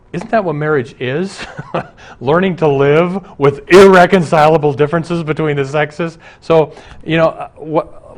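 A middle-aged male pastor delivering a broadcast sermon, earnest and emphatic, his intensity rising and falling. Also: mid-range voice.

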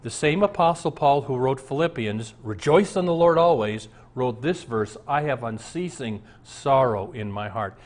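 A man's voice: medium pitch, animated, moderate pace, few pauses. A man in his sixties, a pastor, preaching an earnest, conversational sermon full of rhetorical questions.

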